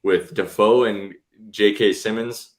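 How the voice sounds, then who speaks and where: A man's voice: lowish voice, steady tone, unhurried. A man co-hosting a podcast in casual chat, agreeable and chiming in with short remarks. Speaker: podcast co-host.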